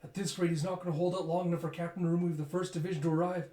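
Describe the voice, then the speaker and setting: A man's voice: on the high side, little pitch movement, racing, warm tone, far from the mic, voice pushed up, close to an everyday voice. A man doing a panicky young tech operator. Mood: urgent. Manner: raised, urgent and strained. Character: young male tech operator, anxious and urgent. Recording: roomy echo.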